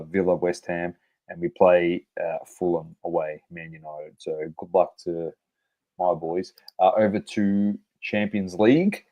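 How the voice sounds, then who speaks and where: Male podcast co-host, low warm voice, blunt swearing football banter. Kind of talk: casual sports chat.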